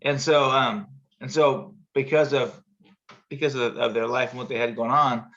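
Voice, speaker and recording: This bright, forceful-voiced man, a show host, rambles through a lengthy story in casual chat at a moderate pace and steady tone. When he voices the people involved, his pitch jumps suddenly high. Slightly dull, muffled audio suggests a video call.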